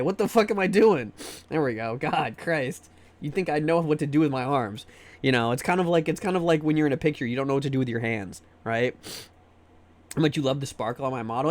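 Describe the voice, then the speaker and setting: A man streaming live, chatting casually and joking with his viewers, often trailing off into repeated fillers. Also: mid-range voice.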